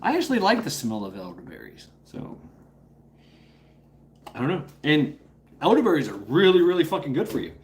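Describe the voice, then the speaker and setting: A man's voice: medium pitch, sing-song, moderate pace, pauses often, a little hiss or hum. A man hosting a casual live stream, rambling playfully, greeting viewers by name and coaxing his dog between remarks. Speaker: livestream host.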